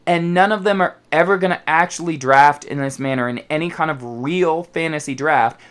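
A man's voice: a little high, normal speed, clear, resonant tone. A man hosting a football podcast, ranting casually and profanely, sometimes mocking how other people talk. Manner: profane, animated, mocks others' voices. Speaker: podcast host.

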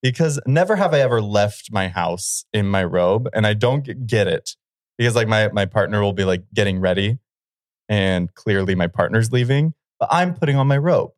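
A man's voice: lowish voice, expressive, moderate pace, dry recording. A man co-hosting a podcast, telling a rambling self-amused story in casual chat at a close studio mic. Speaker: podcast co-host.

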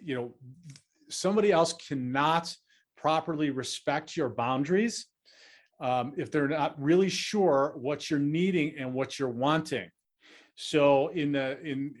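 Earnest man giving advice. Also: on the high side. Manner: earnest, reassuring, with frequent fillers and restarts. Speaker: podcast host. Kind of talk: advice podcast monologue.

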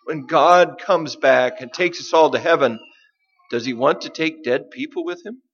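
A man preaching a sermon, deliberate and emphatic, with dramatic pauses. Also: fairly high pitch, muffled recording. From United States. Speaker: pastor.

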